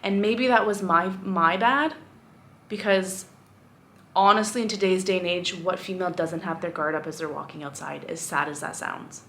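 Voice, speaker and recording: A woman's voice: on the low side, steady tone, moderate pace, fairly bright tone, slight background noise. A young woman teacher talking candidly to camera in a casual vlog, rambling and reflective with frequent fillers. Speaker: vlogger.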